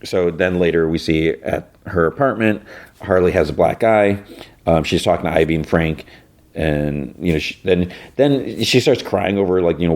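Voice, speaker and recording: A male podcast host casually recapping an episode, rambling loosely with lots of fillers and quick snatches of character voices. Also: low-pitched, darkish tone. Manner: rambling, loose, full of "you know" and "whatever", briefly mimicking characters.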